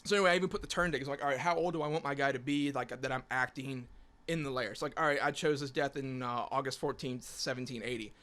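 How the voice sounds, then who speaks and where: A man's voice: mid-range voice, fairly even intonation, fast talker, pushed and bright. A man on a podcast, chatting casually and reading a written character backstory aloud with small slips. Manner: casual, swearing, reads steadily with small slips. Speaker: podcast guest, scare actor.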